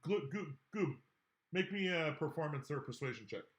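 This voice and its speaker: A man running a tabletop game as game master, animated and swearing freely. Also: fairly high pitch, reverberant. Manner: animated, swearing, quick to laugh.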